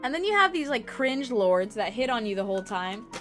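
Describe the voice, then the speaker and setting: A young woman streamer telling stories in casual chat, animated and profane, acting out the people she quotes. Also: a little high, a little fast, soft background music.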